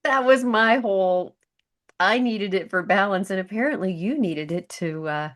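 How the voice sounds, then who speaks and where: A woman's voice: mid-range voice, moderate pace. A woman co-hosting a podcast, chatting casually and chiming in often. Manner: chatty, agreeable, jumps in often. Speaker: podcast co-host. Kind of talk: casual chat.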